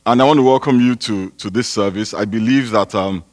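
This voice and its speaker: Breathless Nigerian-born pastor preaching. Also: male voice, fairly low pitch, fairly quick. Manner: chatty, joking, breaks into laughter. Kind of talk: sermon. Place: church hall.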